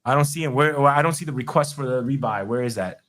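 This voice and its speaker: A man's voice: medium pitch, quick pace, fairly bright tone. A man helping run an online poker game, chatting casually, often stalling and repeating himself. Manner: hesitant, repeats words, thinks aloud. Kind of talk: casual live-stream chat.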